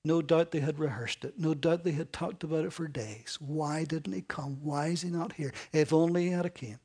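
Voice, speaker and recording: Earnest preaching man, rather high voice. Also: normal speed, breathy edge. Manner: earnest, dramatic shifts between loud emphasis and soft hushed lines. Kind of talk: expository sermon.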